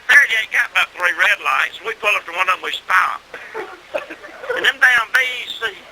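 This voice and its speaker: A man's voice: high-pitched, normal speed, background noise. A middle-aged man, telling a rural story in a salty, folksy way, with plenty of cussing. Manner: salty rural storytelling, cussing, grows loud and excited with laughs.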